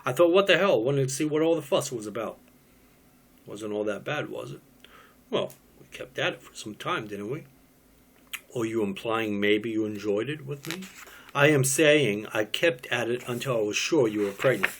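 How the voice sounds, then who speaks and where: Dry, sardonic gay young man, quiet and understated, as a male reader plays him. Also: medium pitch, lively intonation, moderate pace. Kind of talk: cold reading of a stage play.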